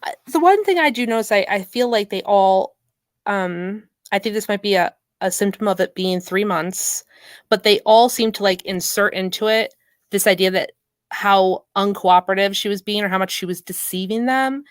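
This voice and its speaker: A woman's voice: mid-range voice, normal speed, dry recording. A woman hosting a casual discussion, thinking aloud with frequent restarts and hedges. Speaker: host.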